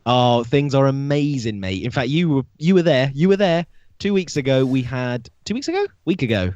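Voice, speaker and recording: A man from the UK chats enthusiastically on a podcast, and his pitch swings up and down a lot. The recording is dry and a bit muffled, with a lo-fi quality. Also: expressive, moderate pace, darkish tone, no echo. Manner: enthusiastic, says "amazing" a lot. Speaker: podcast co-host. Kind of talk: casual chat. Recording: dry, dull lo-fi podcast audio.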